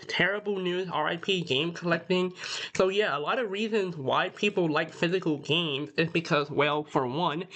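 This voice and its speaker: A young man with a nasal, slightly groggy voice that sits high for a man. He gives casual, rambling commentary full of fillers. The sound is dull and lo-fi, coming from a computer mic. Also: fairly bright tone. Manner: rambling, filler-heavy, reads article aloud. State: nasal, just woke up. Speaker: gaming YouTuber.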